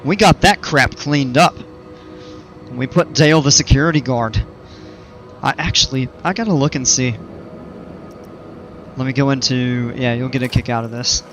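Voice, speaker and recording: A man's voice: medium pitch, moderate pace, pauses often, fairly bright tone, soft background music. Chatty man streaming a game. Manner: rambling, chatty, explains at length. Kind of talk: casual livestream chat while playing.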